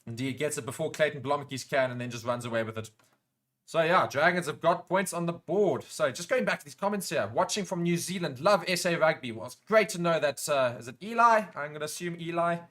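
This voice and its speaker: A South African man hosting a live rugby watchalong, chatting casually with viewers and breaking into excited play-by-play during big moments. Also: on the high side, brisk. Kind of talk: casual live commentary while reading chat comments.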